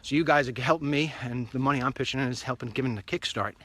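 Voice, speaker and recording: A man talks on his phone mic as he strolls along an outdoor street, rambling through his plans in a chatty, upbeat monologue. His voice is bright and forceful, with a middling pitch. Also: quick pace, slight background noise. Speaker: online show host. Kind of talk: casual walk-and-talk monologue.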